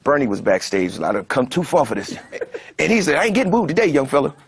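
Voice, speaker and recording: A man's voice: on the high side, fast. A man recounting a memory in a documentary interview, his voice rising and falling a lot. Faint noise sits behind him. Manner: lively storytelling.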